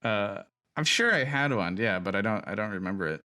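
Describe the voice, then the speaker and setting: A man with a lowish voice hosts a casual podcast. His tone is bright and forceful. He keeps the discussion moving in an earnest way. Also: animated, brisk. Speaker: podcast host. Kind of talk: casual chat.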